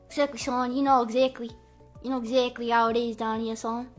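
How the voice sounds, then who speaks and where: A drawling Southern good ol' boy, as a young-sounding woman puts him on in a low, folksy voice. He talks slowly and chummily, calling everyone son. The voice stays on the bright side underneath. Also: little pitch movement, faint music behind, heavily acted. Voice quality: deliberately lowered voice.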